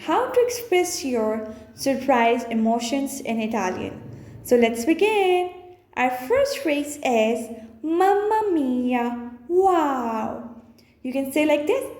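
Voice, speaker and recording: A woman gives a short language lesson in a high, mellow voice. She models each phrase slowly and carefully for learners to repeat. The room around her sounds echoey. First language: Urdu. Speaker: language teacher.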